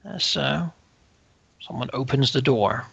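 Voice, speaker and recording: A man's voice: medium pitch, slow, vocal fry, a bit bright, breathy edge, dry recording, rough recording. A man narrating as game master of a tabletop role-play, hesitant and full of fillers.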